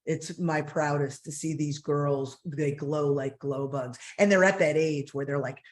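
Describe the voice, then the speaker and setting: Animated Jersey-raised woman in her forties. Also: low voice. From New Jersey. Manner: animated, laughing, quick asides. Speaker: guest author. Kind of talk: casual interview chat.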